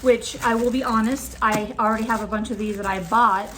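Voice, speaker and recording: A woman's voice: on the high side, fairly even intonation, fairly quick, background noise. A woman unboxing a returns box on her vlog, talking in a snarky, annoyed way. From California.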